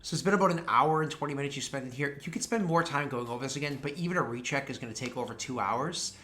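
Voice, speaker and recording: A man's voice: mid-range voice, fast talker, pushed and bright. A man in his thirties from New England, narrating as game master in a loose, rambling way full of fillers.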